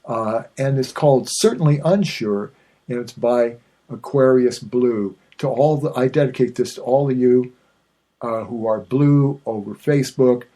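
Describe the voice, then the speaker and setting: A man with a mid-range, warm voice hosts his own podcast at an unhurried pace. He chats in a rambling solo style, drifting off topic and poking fun at himself, with lots of fillers and restarted sentences.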